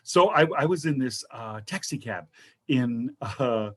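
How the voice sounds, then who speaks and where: Animated husky man telling stories. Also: mid-range voice, measured pace. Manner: animated, jumps into voices for quoted people. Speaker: guest. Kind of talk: casual comedic storytelling. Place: home video show, remote call.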